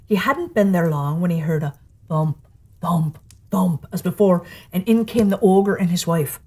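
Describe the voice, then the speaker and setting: A woman storyteller reading a fairy tale aloud with lively, expressive delivery. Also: lowish voice, measured pace, husky.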